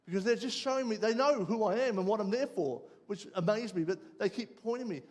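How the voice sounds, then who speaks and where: An Australian man preaching, telling a personal story with lively ups and downs before dropping quiet and low for the lesson. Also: brisk. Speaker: pastor. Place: church.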